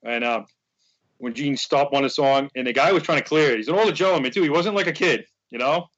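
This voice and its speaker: A superfan guest on a casual podcast, this man wanders through a story and performs the quoted lines. He has a medium pitch, a quick pace and a fairly bright tone, with dull audio.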